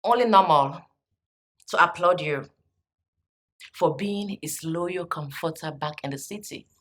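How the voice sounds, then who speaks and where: A woman's voice: on the low side, a bit bright. An actress with a Nigerian accent playing a haughty woman throwing a rival out with contempt. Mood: contemptuous. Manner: contemptuous, slow. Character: haughty woman in charge, cruel and commanding.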